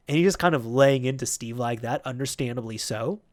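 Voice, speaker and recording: A man's voice: mid-range voice, a little fast, hardly any pauses. Casual male vlogger, rambling storyteller. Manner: rambling, chatty, with many fillers and restarts. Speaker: YouTube host.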